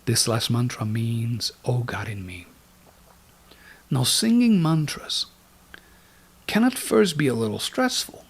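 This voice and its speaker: A man with a gravelly, creaky voice gives a spiritual lecture on meditation. He speaks slowly and deliberately at an ordinary pitch, guiding like an instructor and letting some words sink to a whisper. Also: animated. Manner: slow, deliberate teaching with words dropped to a whisper.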